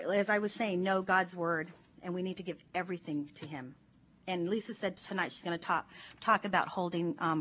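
A woman leading a Bible study in an earnest, chatty way, with many fillers as she talks. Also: fairly low pitch. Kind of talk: informal devotional teaching. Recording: slightly dull recording with faint noise.

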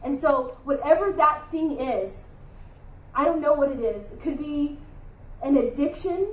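A woman with a high voice gives an earnest, confessional devotional teaching. Her heartfelt words ring out in an echoey room. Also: unhurried, far from the mic. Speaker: Bible study speaker.

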